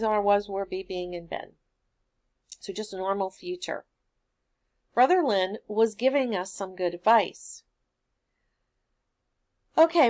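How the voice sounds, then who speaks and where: A woman teacher walks students through a recorded grammar lesson. Her voice sits at an ordinary middle pitch, and she explains each answer patiently at an even classroom pace.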